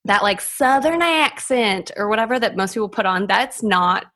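Heard over a video call, a young podcast co-host chats casually, laughs a lot and drops "like" constantly. Her medium-pitched voice is bright and forceful, with lively intonation at a normal speed.

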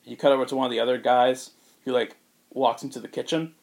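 A man on a podcast telling a story in casual chat, rambling with fillers and putting on quick voices for the characters. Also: medium pitch, little pitch movement, creaky, a little mellow. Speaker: podcast co-host pitching a movie.

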